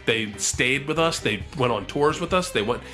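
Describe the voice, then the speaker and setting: A man telling a comic anecdote in casual chat, animated and profane, often laughing as he goes. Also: medium pitch, normal speed, soft background music. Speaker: storyteller.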